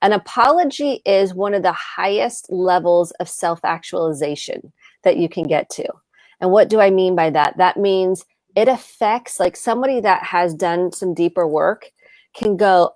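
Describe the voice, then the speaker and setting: Calm explaining woman, slightly low voice. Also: normal speed, no room sound, studio quality. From United States. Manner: calm, explanatory, acts out example dialogue. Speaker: therapist co-host. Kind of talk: live advice chat.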